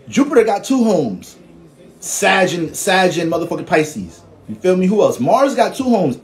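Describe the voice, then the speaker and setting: A young man casually teaching astrology in slangy, profane, animated talk, laughing often. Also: a little high, a little hiss or hum. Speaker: astrology reader.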